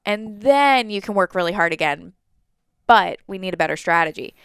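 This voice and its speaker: Calm woman podcast co-host, very smooth voice. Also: medium pitch, normal speed, no echo. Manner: calm, backs up her co-host with short agreements. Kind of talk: casual podcast conversation.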